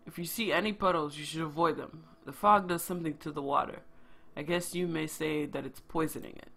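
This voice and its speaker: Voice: mid-range voice, fairly even intonation, brisk, vocal fry, pushed and bright. A streamer reading Alexander, curt group leader. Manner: curt, giving orders. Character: stern male group leader, commanding.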